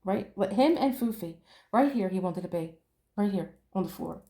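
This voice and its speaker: A woman's voice: medium pitch, lively intonation, normal speed, dark tone. Chatty craft vlogger lady, laughs a lot, acts out convos, echoey room at home. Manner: chatty, acts out quoted dialogue, laughs often. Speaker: diamond painting vlogger. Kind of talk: casual storytelling chat. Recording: roomy home room echo.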